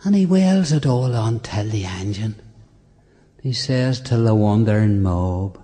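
Northern irish guy doing a funny poem, slow and lively up and down, big hall echo. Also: fairly low pitch. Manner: dry storytelling with asides. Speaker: comic poem reciter. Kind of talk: comic verse recitation.

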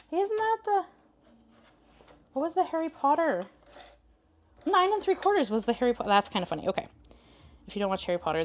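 A chatty young woman from Canada runs a casual craft live stream, talking easily to viewers as she works. Her voice sits at an average pitch, with a faint hiss of noise behind it. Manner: chatty, indecisive, talks to chat and her cat. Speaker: craft video host.

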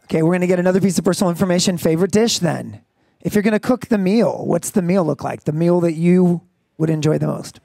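A man hosting an interview, asking questions in a relaxed, curious way with light jokes. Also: high-pitched, fast, gravelly, dry recording. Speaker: interview host.

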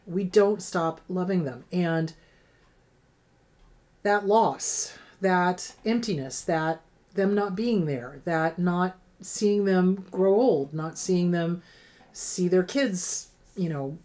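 A woman's voice: lowish voice, dark tone. A middle-aged woman therapist hosting an advice show, answering viewer questions in a frank, emphatic way that repeats key points.

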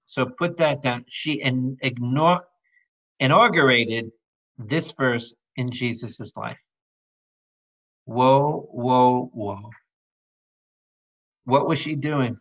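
A priest with a medium-pitched, somewhat bright voice teaches a Bible study playfully, exclaiming, quizzing his listeners, and making sound effects. The recording is dull and lo-fi.

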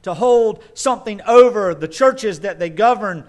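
A man preaches with a fairly high voice. He drives his points hard and then drops into quick, dry asides. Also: lively intonation. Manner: emphatic preaching with asides and mock quotes. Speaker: pastor. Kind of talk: sermon.

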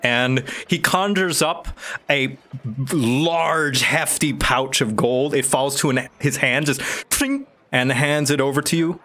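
A game master narrating a tabletop game as an animated storyteller. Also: mid-range voice, takes it slowly.

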